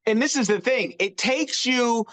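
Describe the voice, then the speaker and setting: A man's voice: very high-pitched, a little slow, a bit bright. A man hosting a podcast, chatting casually and reflecting on his guest's story. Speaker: podcast host. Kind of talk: casual chat.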